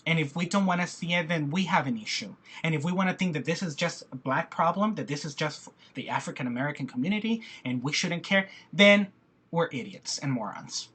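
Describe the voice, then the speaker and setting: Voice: mid-range voice, animated, fairly quick, a bit bright, breathy edge. A speaker giving a passionate personal video rant who talks in emphatic repetitions and frequent restarts. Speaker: video blogger.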